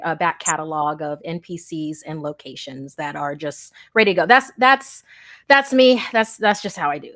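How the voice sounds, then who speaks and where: A woman dungeon master from the USA, talking about her games in an animated, enthusiastic interview chat, often repeating words as she starts a thought. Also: fairly low pitch.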